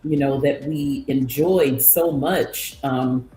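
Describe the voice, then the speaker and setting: A woman, a guest in an interview, answering hesitantly with many pauses and restarts. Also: very deep voice, steady tone, dark tone. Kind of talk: casual conversation. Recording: echoey room, faint noise.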